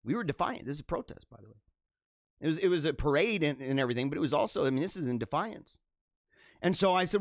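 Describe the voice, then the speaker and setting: His voice a little high for a man, a livestream host spins a long, unplanned story at a quick pace. The audio is close and dry with no echo, and his casual monologue wanders and restarts frequently before breaking into animated bursts.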